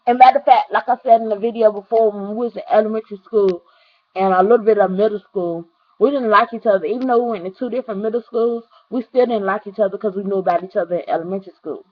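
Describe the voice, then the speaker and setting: A woman's voice: mid-range voice, fast talker. A young woman telling a personal story to her viewers, earnest and rambling, often repeating herself and talking straight to the audience. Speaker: vlogger. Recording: dull lo-fi recording.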